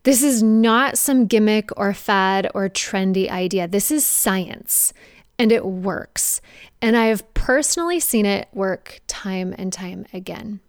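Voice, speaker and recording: A young woman fitness coach talking straight to her viewers in an energetic, conversational way, with playful mocking asides. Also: medium pitch, slow pace, smooth, no room sound, clean studio sound. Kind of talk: direct-to-camera coaching talk.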